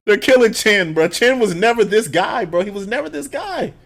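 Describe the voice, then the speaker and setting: A man giving a casual TV episode review, profane and animated as he retells scenes. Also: sits high, moderate pace, creaky. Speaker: TV show reviewer.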